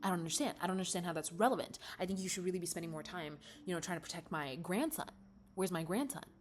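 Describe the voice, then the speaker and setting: A woman's voice: deep voice, fairly even intonation, unhurried, slight background noise. A woman voicing an older widowed queen mother, haughty and defensive, stammering when pressed, in a bedtime story.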